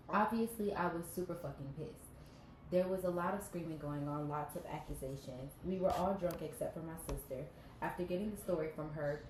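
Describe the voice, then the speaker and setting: A woman's voice: low voice, darkish tone. Stuffy-nosed woman reading a story aloud. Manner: reads aloud, breaks off to joke and react. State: stuffy nose. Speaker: podcast co-host reading stories. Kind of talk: casual story reading and chat. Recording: echoey room with background noise.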